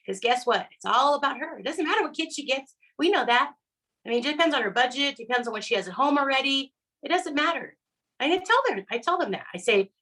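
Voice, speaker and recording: This sales director, a middle-aged woman, coaches her team in a chatty, upbeat way, tossing in "right?" and "okay?" all the time. She mimics the customers she quotes with put-on voices, speaking high, expressive and fairly quick with a sharp tone. The recording is low quality.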